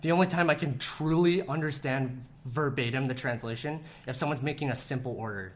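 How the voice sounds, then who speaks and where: A man's voice: mid-range voice, fairly quick, hardly any pauses, a little hiss or hum. Laid-back young man with filler-heavy talk. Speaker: interview guest, wrestler. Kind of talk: candid personal interview. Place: room in the Philippines.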